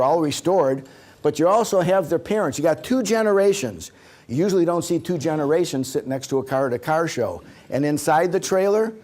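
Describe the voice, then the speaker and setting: A man's voice: a little high, a little mellow. A man giving a humorous seminar to a live audience, telling jokes and acting out quotes. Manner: joking storyteller, acts out quotes. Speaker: seminar presenter.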